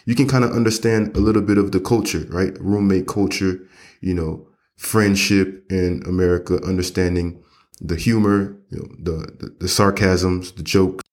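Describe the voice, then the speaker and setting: Man, very deep voice, relaxed English lesson podcast, chatty and rambling. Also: normal speed. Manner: conversational, rambling, frequent fillers and restarts. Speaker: English teacher and podcast host. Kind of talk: casual spoken lesson.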